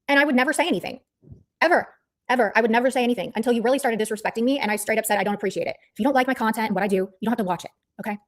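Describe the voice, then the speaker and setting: Mad lady streamer going off on someone, cussing a lot, repeats herself. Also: a little high. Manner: angry, blunt, profane, repetitive. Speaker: livestreamer. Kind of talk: heated callout rant.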